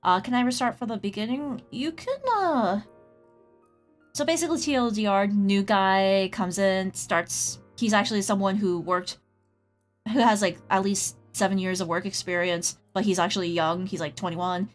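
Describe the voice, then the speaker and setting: Medium in pitch and moderate in pace, a woman chats casually while drawing live. She rambles through a story full of "like" and stops now and then to welcome viewers in chat. Faint background music can be heard.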